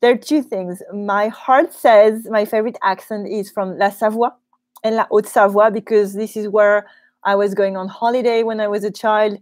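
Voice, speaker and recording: Speaking from a small office studio, a French-accented woman who teaches French answers questions live, laughing readily and saying um often. Her mid-range voice is steady, a little mellow and moderately paced, and the recording is dry.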